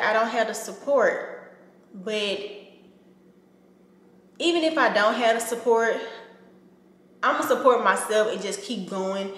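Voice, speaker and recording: A woman's voice: mid-range voice, fairly bright tone. A woman vlogger, talking earnestly to camera and repeating herself for emphasis. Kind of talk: casual heartfelt talk to camera. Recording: echoey room with long reverb.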